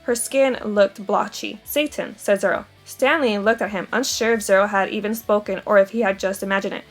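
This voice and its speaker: A woman's voice: medium pitch, a little fast, faint music behind. A woman reading a novel aloud, giving the dialogue light character voices. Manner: steady storytelling with quoted dialogue. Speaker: audiobook reader.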